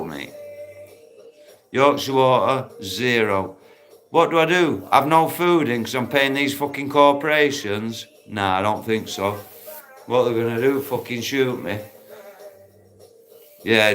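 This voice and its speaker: Talking straight into his phone from a park, a man runs a casual livestream, chatting with viewers in a blunt, matey way and swearing freely. His voice is a typical middle pitch for a man, unhurried and fairly bright, with faint music in the background.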